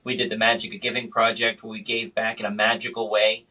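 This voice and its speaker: A man hosts a casual podcast chat and spins animated stories. His voice is bright and pushes forward. He sits a little away from the microphone, so the sound is slightly distant. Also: lowish voice, quick pace. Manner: animated storyteller. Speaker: podcast host and magician.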